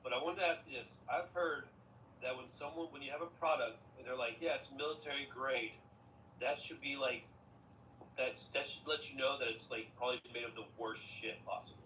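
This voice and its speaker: A man talks quickly and eagerly, sharing trivia in casual podcast chat. His voice is bright and forward, with mid-range pitch. The recording is dull and lo-fi with faint noise. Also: fairly even intonation.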